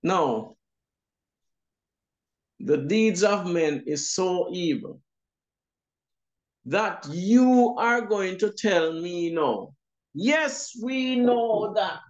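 Slow, roomy-voiced Jamaican Bible teacher man. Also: sits high, lively intonation, muffled recording. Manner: emphatic, repeats "you see?". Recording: roomy echo.

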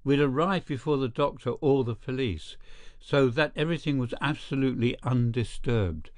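A man narrating an audiobook in a steady, measured storytelling way. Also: medium pitch, no echo, clean studio sound. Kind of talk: scripted narration.

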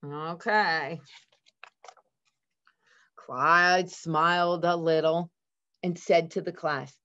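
A woman teacher reading a picture book aloud to her students, expressive and adding chatty asides to the class. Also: lowish voice, drawn-out words, pauses often. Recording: dull lo-fi recording.

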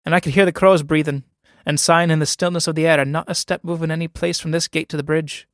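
A man's voice: fairly high pitch, steady tone, quick pace, dry recording, studio quality, natural voice. A man playing a timid, awkward young farmer. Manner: timid, uneasy, hesitant. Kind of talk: dramatic play reading.

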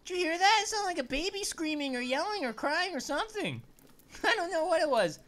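A woman with a very high, slightly fast voice hosts a let's play. Her gameplay commentary is casual and chatty, and she's excitable, jumping at every scare.

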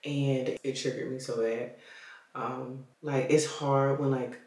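A woman's voice: rumbling low, level tone, takes it slowly, a little mellow. Young woman rambling to her vlog at home, lots of y'all and like, roomy echo. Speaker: vlogger. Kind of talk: casual vlog talk. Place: home, indoors. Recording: echoey room.

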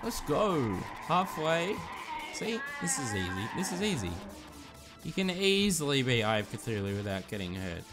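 A young man giving excitable gameplay commentary, reacting with frequent exclamations and mild cursing as a gaming YouTuber. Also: mid-range voice, moderate pace, music in the background.

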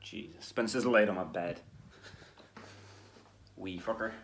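A man's voice: deep voice, measured pace, a little hiss or hum. A man chatting casually in a vlog about dog training, blunt and swearing when frustrated. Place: outdoors in a field with dogs.

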